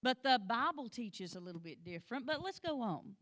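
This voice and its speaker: A woman's voice: a little high, big pitch swings, brisk, few pauses, a bit bright. Folksy woman teaching Sunday school. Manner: folksy and plain-spoken, with joking asides; exhorting the class directly.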